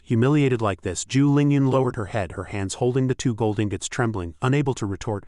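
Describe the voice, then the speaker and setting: A man narrating a story recap in a steady, even storytelling way. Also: mid-range voice, fairly quick, few pauses, no echo, studio quality.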